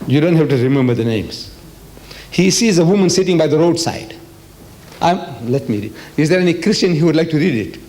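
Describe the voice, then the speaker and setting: An older man from South Africa giving a religious lecture to an audience, animated and rhetorical, often putting questions to the listeners. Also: a little high, a little fast. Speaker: Islamic lecturer.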